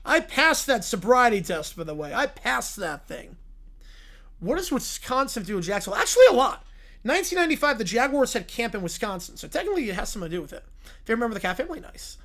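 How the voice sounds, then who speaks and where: A male streamer chats on a live reaction stream. His pitch swings widely as he goes from goofy bits to dry, deadpan asides. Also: a little fast. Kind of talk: livestream reaction chat.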